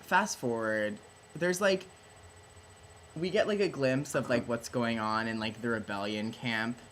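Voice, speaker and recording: A man's voice: medium pitch, a little slow, fairly bright tone, slight background noise. A tipsy young man retelling a play for laughs, rambling, swearing and saying "like" constantly, close to the camera. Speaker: host. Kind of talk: drunk comedic plot retelling. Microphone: camera at close range.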